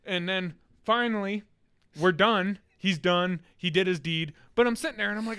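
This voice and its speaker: A man's voice: sits high, moderate pace, clear, resonant tone. A young man, a podcast co-host, telling a funny story in casual chat, laughing and acting out voices. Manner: animated, laughing storyteller acting out a kid's screams.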